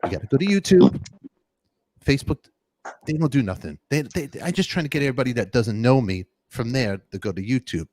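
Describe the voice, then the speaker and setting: A man's voice: mid-range voice, expressive. Joking man hosting a live show. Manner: loud, joking, rapid shout-outs to chat. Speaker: podcast host. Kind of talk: lively live-stream chat.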